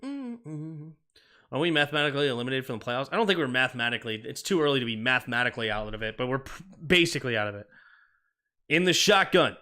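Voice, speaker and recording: This is live play-by-play mixed with chat reading: a man calls football plays in quick, clipped phrases and replies to viewer comments he reads out. His mid-range voice is expressive, pushed and bright, and he talks fast.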